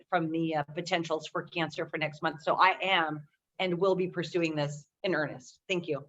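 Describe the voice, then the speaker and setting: A woman's voice: lowish voice, fairly bright tone. A woman checking in on a casual video call, enthusiastic and rambling with many fillers. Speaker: group member on a call. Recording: dull lo-fi call audio with faint noise.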